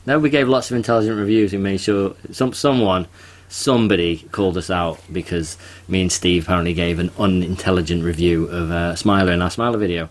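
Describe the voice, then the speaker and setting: Man, deep-pitched, casual podcast chat, quick asides. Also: steady tone. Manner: chatty, quick asides, laughs at own jokes. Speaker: podcast co-host.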